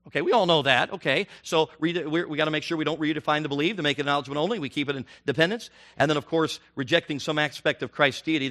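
A middle-aged man preaching a sermon, animated and rising to near shouts on his emphatic questions. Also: fairly high pitch.

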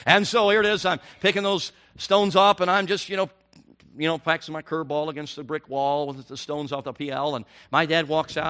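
A middle-aged man preaching a sermon, animated and rising to near shouts on his emphatic questions. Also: a little high, brisk, clean tone.

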